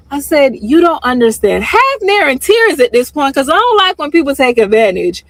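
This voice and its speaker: A woman's voice: high voice, very animated, normal speed, few pauses, dry recording, low-quality recording. A woman telling viewers an indignant story and acting out both sides of the conversation. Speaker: storyteller recounting a salon visit.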